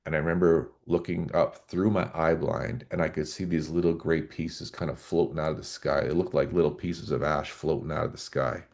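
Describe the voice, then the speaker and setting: A man's voice: extremely low pitch, little pitch movement, normal speed, creaky, hardly any pauses, darkish tone. A man in his forties, a former police officer, earnestly recounting an emotional personal story as a podcast guest.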